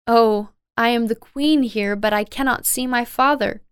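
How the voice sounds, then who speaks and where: A woman voicing a kind, honest young woman in a fairy tale, speaking slow, simple lines. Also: a little high, clear, resonant tone, no echo, studio quality, lightly acted. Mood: earnest.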